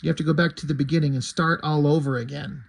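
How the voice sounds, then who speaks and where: A man reading the lines of a calm, manipulative genius who taunts his captive. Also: fairly high pitch, quick pace, gravelly. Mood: taunting.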